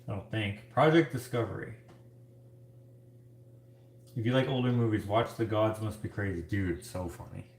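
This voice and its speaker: A man's voice: fairly low pitch, moderate pace, pauses often, darkish tone, echoey room. A man hosting a casual livestream from his home kitchen, washing dishes while he reads comments and rambles, full of filler words like "like". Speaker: streamer and host.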